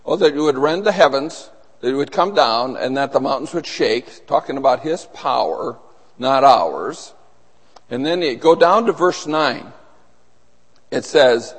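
A man preaching a sermon to a small group, husky and losing his voice, earnest and building to urgent emphasis. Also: medium pitch, measured pace. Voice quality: husky, throat-clearing. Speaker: pastor. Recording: long hall reverb.

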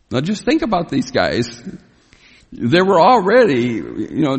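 A man teaching through a Bible passage as a sermon, emphatic and rising in pitch when he retells the drama of a scene. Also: huge pitch swings, unhurried, husky. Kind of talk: expository sermon. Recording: long reverb of a large hall.

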